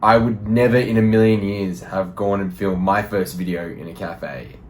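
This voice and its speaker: A man's voice: lowish voice, steady tone, moderate pace, a little hiss or hum. A man coaching viewers through a casual video lesson, earnest and encouraging, recorded in a cafe. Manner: earnest, encouraging, speaks from experience. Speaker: personal brand coach.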